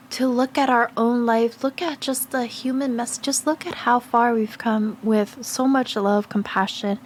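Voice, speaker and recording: A woman giving a gentle, slow spiritual card reading, speaking in soft, affirming phrases with pauses and fillers. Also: on the high side, a little hiss or hum. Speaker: tarot and oracle card reader.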